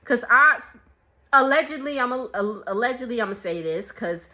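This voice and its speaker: A woman's voice: a little high, animated, normal speed, bright, forceful tone. A young woman hosting a reality TV recap. She talks casually and animatedly, often mimicking the people she describes.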